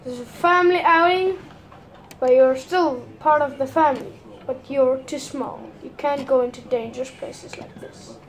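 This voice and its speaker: A woman's voice: high-pitched, normal speed. A woman using a put-on Irish accent, giving rambling, hesitant gameplay commentary full of fillers. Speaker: gamer.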